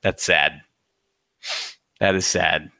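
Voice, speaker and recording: A man co-hosting a casual movie chat, excitable and profane, often stumbling and restarting. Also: sits low, extremely slow, gravelly, no echo. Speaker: podcast co-host.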